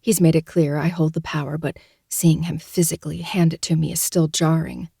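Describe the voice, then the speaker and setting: A woman reading a first-person romance audiobook in a soft, intimate, breathy way. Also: low voice, flat delivery, moderate pace, no echo, studio quality. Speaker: audiobook narrator.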